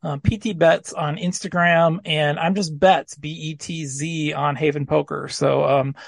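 A man's voice: on the high side, steady tone, measured pace, creaky, dry recording. A man hosting a podcast in casual, jokey chat, laughing often. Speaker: podcast host.

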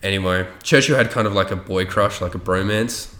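Man, low voice, casual rambling story, swearing, roomy echo. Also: a little fast, sharp tone, slight background noise. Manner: rambling, swears often, loose with facts.

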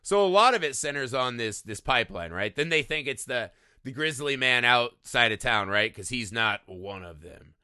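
A man's voice: mid-range voice, expressive, moderate pace, hardly any pauses, pushed and bright, smooth, dry recording, studio quality. A man co-hosting a casual film discussion, loose and profane, who keeps tagging his points with "right?". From small-town America. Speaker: podcast co-host.

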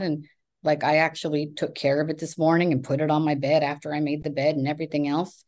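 A low-voiced woman in her thirties or forties, talking as a therapist. She speaks bluntly and emphatically, swearing freely as she makes her points in a candid conversation. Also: flat delivery, fast, a little mellow. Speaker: therapist, podcast guest.

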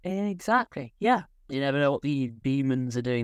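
A man's voice: medium pitch, expressive, moderate pace, clear, resonant tone, no room sound. A young man co-hosting a casual podcast, rambling and laughing as he talks. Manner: rambling, self-interrupting, laughs often. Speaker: podcast co-host.

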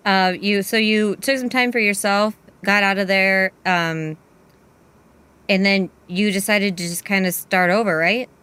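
A woman's voice: medium pitch, fairly even intonation, measured pace, bright, forceful tone, clear, resonant tone. A woman in her thirties hosting a casual interview podcast, chatty and friendly as she asks questions. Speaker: podcast host.

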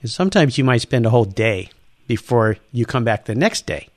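A man hosting an interview with a dry, close sound. He tells stories with lively energy, slipping into the voices of the people in them. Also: mid-range voice, brisk, no room sound. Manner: animated storyteller, acts out quoted voices. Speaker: interview host. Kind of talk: conversational interview.

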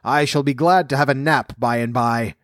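A man's voice: fairly even intonation, normal speed, no room sound, studio quality, natural voice. Man doing a thundering man-eating giant. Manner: booming and demanding. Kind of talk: storybook reading.

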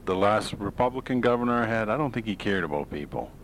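A man's voice: lowish voice, lively intonation, fast, slight background noise, rough recording. A man hosting his own show, talking through opinions in a blunt, rambling, sarcastic monologue full of fillers and restarts. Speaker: podcast host. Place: home in Maine.

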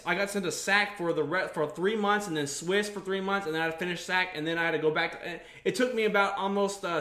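Brief: young male co-host, high and very bright voice, swears and restarts a lot. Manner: profane, rambling storytelling with many restarts. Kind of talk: casual chat. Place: studio under bright lights. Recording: roomy echo.

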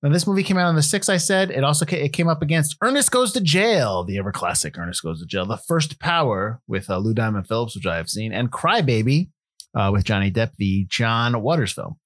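A man's voice: medium pitch, animated, fairly quick, fairly bright tone, no echo, studio quality. A man co-hosting a film podcast, joking around while running through release facts in a breezy way. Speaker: podcast co-host. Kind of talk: casual film podcast chat.

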